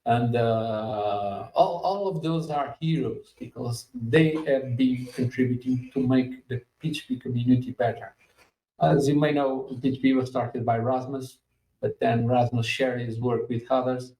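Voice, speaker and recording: A man in his fifties hosts a podcast in a dark, mellow voice, stopping often to search for words. He sits back from the mic in an echoey room. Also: medium pitch, distant mic. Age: 50s. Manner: halting, with many fillers. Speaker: podcast host. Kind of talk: casual podcast interview.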